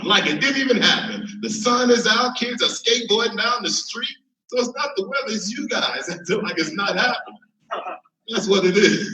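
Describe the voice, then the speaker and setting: Man from Chicago, stand-up comic, high and bright voice, animated, laughs at his own jokes. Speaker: stand-up comedian. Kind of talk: stand-up comedy. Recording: roomy, from far mic.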